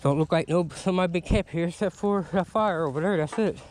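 A man's voice: high-pitched, fast talker, a little mellow. A man vlogging in the woods, chatting casually, talking to his dog and swearing now and then. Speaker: bushcraft vlogger. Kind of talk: casual vlog talk. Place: outdoors in the woods.

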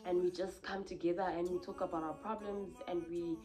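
A woman's voice: on the low side, fairly even intonation, brisk, a little mellow, soft background music. A young woman, venting candidly to camera in a confessional vlog, rambling and heartfelt with many fillers and restarts. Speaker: vlogger.

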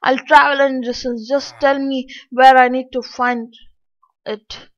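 A woman's voice: sits high, flat delivery, measured pace. Woman reading as a brave young adventurer. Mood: earnest. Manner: earnest, determined. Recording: dull lo-fi.

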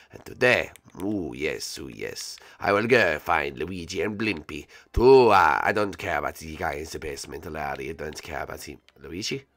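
A man's voice: low-pitched, pushed and bright, no echo, exaggerated voice. A man voicing a boastful, vain male Koopa turtle with a mock French accent and broken English in a Minecraft role-play. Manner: broken English, hammy, self-important. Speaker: regular character in a series.

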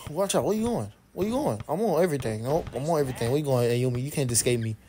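Excitable trash-talking young man gaming. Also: medium pitch, fast talker, a little hiss or hum. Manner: trash-talking, excitable, swearing, repeats himself. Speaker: gaming streamer. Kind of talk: casual gameplay commentary.

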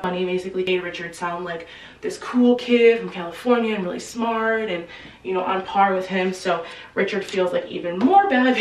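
A young woman in her twenties retells a novel's plot in a loose, slangy, chatty way, her voice sitting at an ordinary middle pitch. The room sounds echoey, and she seems a little back from the mic. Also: slight background noise. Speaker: book channel host. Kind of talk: casual book summary storytelling. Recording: roomy, distant from the mic.

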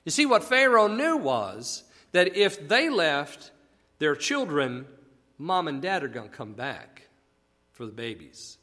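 A man's voice: a little high, very animated, takes it slowly, sharp tone. A man casually teaching a Bible passage, explaining conversationally and asking rhetorical questions. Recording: long echoey reverb.

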